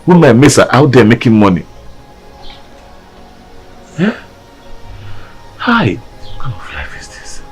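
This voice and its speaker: A poor young husband, lamenting and pleading. His mid-pitched voice moves through a wide range. Soft film music plays low. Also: huge pitch swings, takes it slowly, pauses often, husky, full character voice. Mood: despairing. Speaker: gateman and husband.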